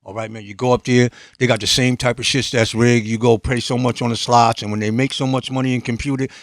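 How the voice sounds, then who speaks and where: A man from New England, a podcast guest telling street stories in a lively, streetwise way and acting out other people's lines. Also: mid-range voice, fast talker, no echo, studio quality. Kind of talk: storytelling in casual conversation.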